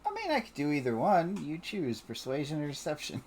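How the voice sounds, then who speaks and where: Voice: mid-range voice, huge pitch swings, fairly quick, darkish tone, a little hiss or hum. A player in a tabletop game, playfully describing a character's actions. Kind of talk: casual tabletop play.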